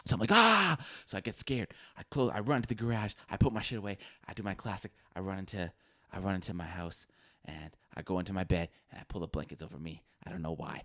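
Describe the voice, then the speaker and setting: A young man spins a story for his podcast co-host. His voice sits low, and the sound is dry and close. He is animated, swears freely and laughs at his own tale. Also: fast, dry recording. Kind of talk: casual storytelling chat.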